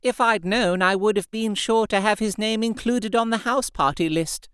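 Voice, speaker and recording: A man's voice: high-pitched, a bit bright, clean tone, no room sound, clean studio sound, pitched above the performer's own voice. A man voicing a fussy, gossipy young society lady in an audiobook. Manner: brisk, bossy, socially fussy.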